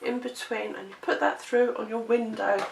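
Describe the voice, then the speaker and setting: Chatty crafter, winded from a chest cold, slightly high voice, distant mic with a noisy background. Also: female voice, steady tone, normal speed, gravelly, reverberant. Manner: chatty, self-deprecating, talks while working. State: out of breath, coughing. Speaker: craft tutorial presenter. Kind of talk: chatty step-by-step craft demonstration.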